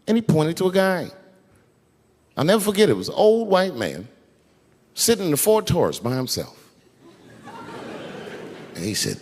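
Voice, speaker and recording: A man's voice: a little high, sing-song, moderate pace, creaky, long pauses. Profane stand-up man in a reverberant hall. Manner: profane, conversational, building stories to punchlines. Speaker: stand-up comedian. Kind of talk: stand-up storytelling. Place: large theater stage with audience. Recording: long hall reverb from a live stage.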